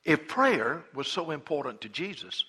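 Pastor type, male, folksy storyteller, slightly high voice with a husky edge. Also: sing-song, normal speed, sharp tone. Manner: folksy storytelling, retelling a parable in everyday talk; repeats and restarts words. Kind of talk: sermon.

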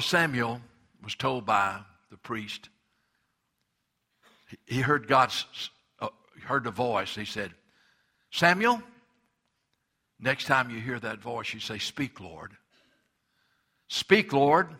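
Male pastor, sermon delivery, slow and deliberate, bright forceful tone, emphatic pauses. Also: mid-range voice, husky. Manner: emphatic preaching with dramatic pauses.

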